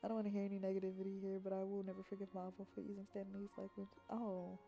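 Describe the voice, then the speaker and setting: A woman's voice: mid-range voice, completely flat delivery, quick pace, creaky, mellow. A woman streamer in casual, rambling chat, teasing and joking as she reads comments aloud. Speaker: VTuber streamer. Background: faint background music.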